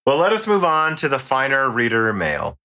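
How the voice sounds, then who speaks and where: A man's voice: medium pitch, huge pitch swings, moderate pace, bright, forceful tone. An American man hosting a podcast, joking and swearing in casual late-night banter, tired from a long recording. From United States. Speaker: podcast host. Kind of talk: casual chat. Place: home studio in quarantine.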